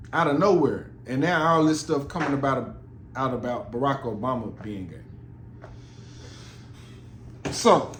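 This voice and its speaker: Rambling, profane male podcast host. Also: fairly high pitch. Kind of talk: casual podcast monologue. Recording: roomy with faint noise.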